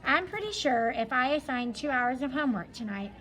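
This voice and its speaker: High-voiced woman teacher explaining patiently. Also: expressive, normal speed, hardly any pauses, low-quality recording. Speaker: elementary school teacher. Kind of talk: reviewing a study guide.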